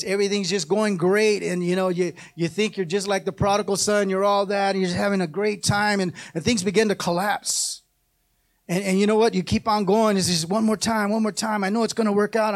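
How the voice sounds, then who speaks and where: A man preaching a sermon as pastor, with call-and-response and passages that climb into shouted, half-sung pleas. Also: sits high.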